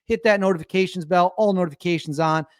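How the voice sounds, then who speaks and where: A man's voice: sits high, fast, clean tone, dry recording, clean studio sound. A young man hosting an opinionated commentary show, talking in an incredulous and mocking way. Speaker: commentary host.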